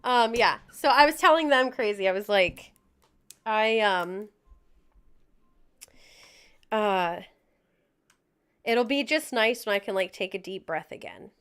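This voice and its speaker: A woman's voice: mid-range voice, lively intonation, slow, long pauses, fairly bright tone, smooth. A young woman chatting casually with her livestream viewers, out of breath, laughing often and joking at her own expense. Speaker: music streamer.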